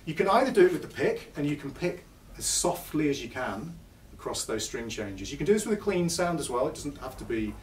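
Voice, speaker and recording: A man's voice: a little high, very animated, fairly quick, recorded from a distance, a little hiss or hum. Man teaching guitar in an echoey shop. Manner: chatty, self-deprecating explaining. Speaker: guitar clinician. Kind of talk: live demonstration lesson. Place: music store, in front of a live audience. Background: guitar playing between phrases.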